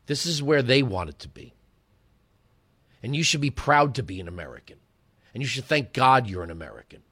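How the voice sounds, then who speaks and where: Man, talk radio host, lively swooping delivery, emphatic monologue, rhetorical questions. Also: mid-range voice, normal speed, breathy edge. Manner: emphatic, rhetorical, shifts between lecturing and storytelling.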